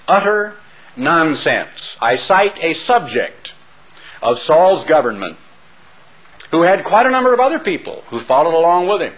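A man's voice: fairly high pitch, big pitch swings, measured pace, a bit bright, low-quality recording. A man preaching a sermon who tells Bible stories dramatically and stresses his points hard. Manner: dramatic storytelling, emphatic.

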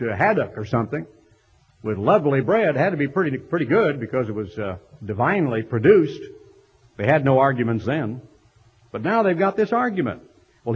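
A man preaches with a slightly high, husky voice and lively, swooping delivery. He reads scripture aloud and acts out the voices of the crowd. The recording is dull and lo-fi. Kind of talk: sermon.

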